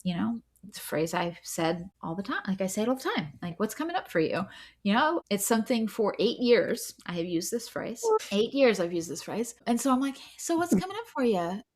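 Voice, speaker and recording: A woman's voice: mid-range voice, sing-song, fairly quick, a little mellow. A woman co-hosting a podcast, telling a story in casual chat, chatty and full of fillers, often breaking into laughter. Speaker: podcast co-host.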